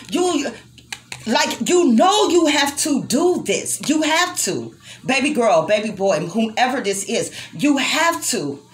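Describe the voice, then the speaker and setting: Emphatic woman giving a tarot reading. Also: sits high. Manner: emotional, emphatic, swears freely, speaks tenderly to the listener. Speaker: tarot reader. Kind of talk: tarot reading addressed to viewers.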